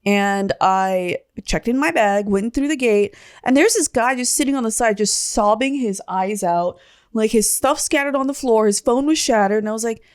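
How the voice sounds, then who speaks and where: A woman co-hosting a podcast, chatting casually and telling an animated story with acted-out quotes. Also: on the high side, moderate pace, smooth, no room sound, clean studio sound. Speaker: podcast co-host. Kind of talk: casual chat.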